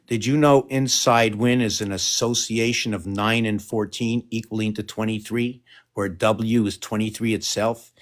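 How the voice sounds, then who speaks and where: A man giving a rambling solo monologue to camera, wandering between thoughts with restarts and asides, and at times coaxing his cat. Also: fairly low pitch. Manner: wandering, stream-of-consciousness, frequent restarts and asides. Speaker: video creator.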